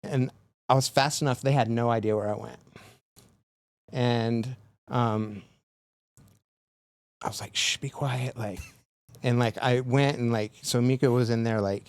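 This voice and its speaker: A man's voice: medium pitch, steady tone, unhurried, long pauses, darkish tone, clear, resonant tone, no room sound. A man on a podcast, casually telling a long story full of "like" fillers. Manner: rambling, filler-heavy retelling with lots of "like". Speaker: podcast guest.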